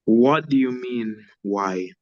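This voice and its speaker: A young man reading aloud the part of a grown son announcing his engagement, in a flat, tired voice. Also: medium pitch, takes it slowly, dull audio, lightly acted. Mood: defensive. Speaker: student reading Henry in class.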